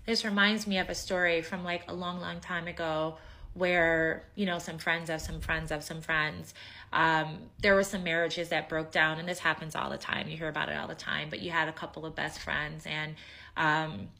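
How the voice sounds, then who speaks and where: A woman's voice: low-pitched, level tone, normal speed, vocal fry, pushed and bright. A woman giving emphatic, judging commentary on someone else's story. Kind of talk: reaction commentary.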